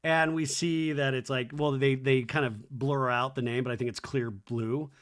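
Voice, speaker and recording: A man's voice: mid-range voice, level tone, normal speed, hardly any pauses, a bit bright. A man hosting a comedy podcast, recapping a reality show in a campy, sarcastic way and acting out the cast's lines. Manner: campy, sarcastic, voices cast members in quotes. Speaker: podcast host.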